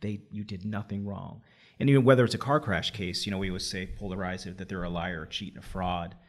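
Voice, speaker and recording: Middle-aged male podcast host, low voice, emphatic and coaching. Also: fairly even intonation, quick pace. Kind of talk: conversational podcast interview.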